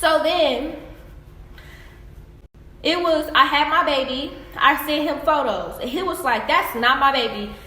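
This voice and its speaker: High bright young woman, echoey phone vlog. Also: takes it slowly, pauses often. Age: young adult. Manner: blunt, profane, animated retelling. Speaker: vlogger. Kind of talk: casual storytelling vlog.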